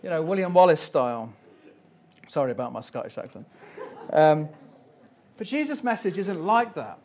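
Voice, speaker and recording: Gentle man preaching. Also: fairly high pitch, lively intonation, normal speed, a little hiss or hum. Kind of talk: sermon.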